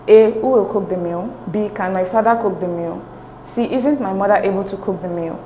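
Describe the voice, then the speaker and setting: A woman with a middle-pitched, dark-toned voice teaches an exam-prep English lesson, patient and methodical, explaining step by step and pausing to check understanding with "okay?" and "right?" Her voice echoes around a reverberant room over a faint hiss.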